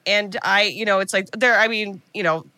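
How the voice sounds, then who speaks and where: A bright-voiced woman hosting a podcast chat, loose and chatty, with lots of fillers and restarts. Her voice sits mid-range. The sound is dry and close to the mic. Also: mid-range voice, moderate pace, smooth, dry recording. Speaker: podcast co-host.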